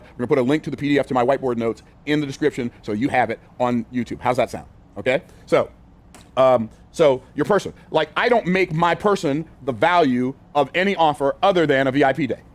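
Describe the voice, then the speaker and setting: An older man teaching business sales from a whiteboard, energetic and conversational, repeating phrases for emphasis and using casual words like y'all and ain't. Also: medium pitch. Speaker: business coach.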